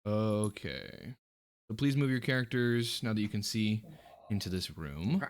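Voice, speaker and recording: Hesitant low-voiced man running a tabletop game. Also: animated. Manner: halting, full of fillers and restarts. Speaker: dungeon master.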